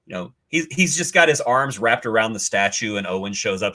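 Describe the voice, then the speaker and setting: A man with a low, bright, forceful voice chats casually on a podcast. He talks enthusiastically, teasing about what he won't give away. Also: expressive, brisk, hardly any pauses. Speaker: podcast co-host. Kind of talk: casual chat.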